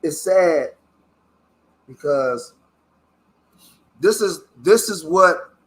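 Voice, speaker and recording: Man, from Philadelphia, fervent reaction commentary, preachy, swears, fairly high voice. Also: animated, very slow. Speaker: online commentator.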